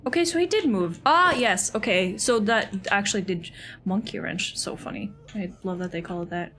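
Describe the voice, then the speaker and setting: A young adult woman streaming a game, chatting casually and excitably, swearing freely and thanking viewers by name. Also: mid-range voice, moderate pace, a little hiss or hum. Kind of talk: casual live-stream chatter while playing.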